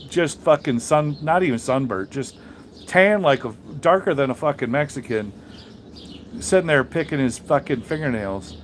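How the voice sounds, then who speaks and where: Blunt, profane trucker chatting on a stream. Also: male voice, medium pitch, a little hiss or hum. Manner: blunt and profane, rambling with many restarts. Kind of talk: casual live-stream chat reading viewer comments.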